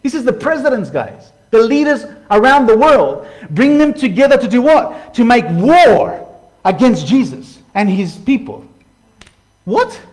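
Male preacher with a high voice, animated and conversational, addresses viewers directly. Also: measured pace. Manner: animated, talks to viewers as "guys", acts out quoted voices. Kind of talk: casual sermon to camera.

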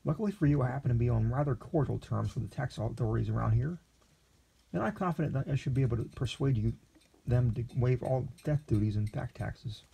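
A man voicing a greedy, smooth-talking male lawyer who speaks patiently and condescendingly. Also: medium pitch, a little fast, warm tone. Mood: scheming.

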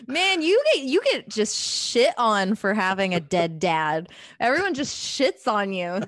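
Young female co-host, mid pitch, dry close mic, dry humor with soft serious moments. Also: very animated, a little slow, hardly any pauses, no echo. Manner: wry, joking, laughs often, gentle when serious. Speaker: podcast co-host. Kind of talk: casual chat.

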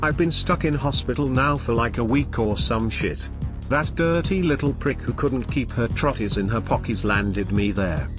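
A man's voice: mid-range voice, normal speed, natural voice. A man voicing a furious, foul-mouthed male snail with a cracked shell, ranting and boasting in a comedy sketch clip. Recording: played over music.

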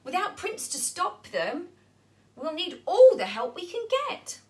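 A bubbly storybook fairy, sweet and gentle, jumping high with excitement, as a woman reads her aloud. The voice swings widely and the delivery stays unhurried. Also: recorded from a distance, full character voice. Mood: excited.

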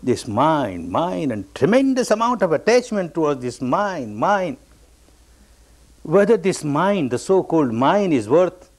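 A meditation teacher giving a discourse, telling a story with emphatic repetition, rising on stressed phrases and sinking to quiet endings. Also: male voice. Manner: swings between raised, stressed phrases and low, quiet endings.

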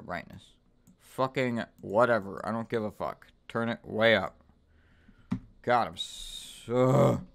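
A man giving let's-play commentary on a horror game, swearing constantly, trash-talking the game's characters and bursting into sudden yells of frustration. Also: sits low. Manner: profane, frustrated outbursts and sudden yelling. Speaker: gaming YouTuber.

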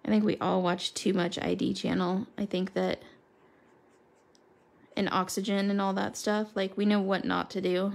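A woman's voice: medium pitch, flat delivery, moderate pace, gravelly. A woman chatting casually and rambling as she colors, talking to her viewers by name. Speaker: crafter coloring live with viewers.

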